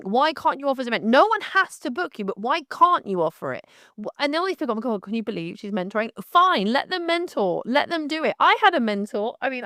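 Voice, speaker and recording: Frank, animated English woman podcaster. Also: high voice, no room sound, studio quality. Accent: light West Country English. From Devon and Somerset, England. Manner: frank, animated, calls listener darling. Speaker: podcast host. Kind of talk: casual solo podcast talk.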